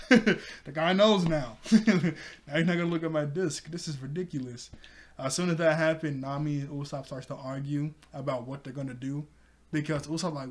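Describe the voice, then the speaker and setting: A chatty man with a slightly high voice, recapping an episode in a loose, conversational way. He laughs often as he talks. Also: steady tone, moderate pace. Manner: giggly, chatty. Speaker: anime reviewer.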